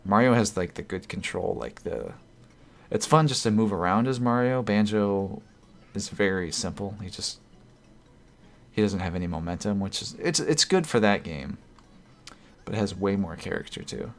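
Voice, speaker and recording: Gravelly low-voiced male streamer. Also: animated, normal speed. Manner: rambling, self-correcting, chuckles often. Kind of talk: casual live-stream chat, reading viewer comments.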